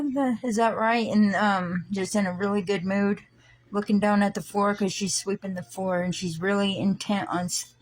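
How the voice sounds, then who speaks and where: Woman, slow and unhurried delivery, casual earnest testimony, hesitant with frequent restarts. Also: fairly low pitch, a little mellow. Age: older than her siblings by fifteen years; adult. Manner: halting, with many fillers and restarts; earnest, slow-paced retelling. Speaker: dream storyteller.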